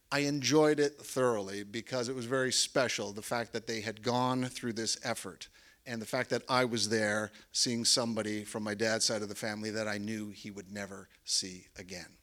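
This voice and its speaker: Man, bright and forceful tone, mid-range pitch, first-person storytelling, dry understated humor. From Canada.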